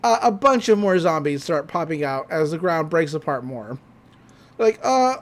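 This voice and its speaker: Podcast host: animated, laughing storyteller, lively pitch. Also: normal speed. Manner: animated storytelling, laughs often, slips into character voices. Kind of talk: casual episode recap.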